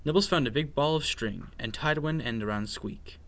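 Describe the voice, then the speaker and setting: A man reading a children's bedtime story aloud with expressive, sing-song narration. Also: medium pitch, normal speed.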